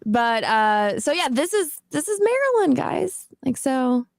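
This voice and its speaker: A woman's voice: sits high, very animated, measured pace, creaky, no echo, studio quality. A young woman guesting on a casual live-stream chat, bubbly and talkative, with lots of fillers. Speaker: guest, cosplay model.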